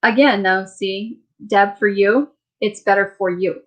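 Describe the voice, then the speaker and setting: A worn-out woman hosts a late-night live stream from her home, chatting loosely and answering viewer comments. She rambles, laughs easily and keeps her tone relaxed and teasing. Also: medium pitch, a little slow. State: tired. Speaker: livestream host. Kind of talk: casual live chat reading viewer comments.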